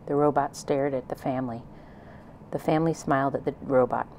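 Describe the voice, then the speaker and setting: Woman with a low voice reading a kids book aloud, calm storyteller, slight hum behind. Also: fairly quick, rough recording. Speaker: audiobook reader. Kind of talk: reading a children's novel aloud.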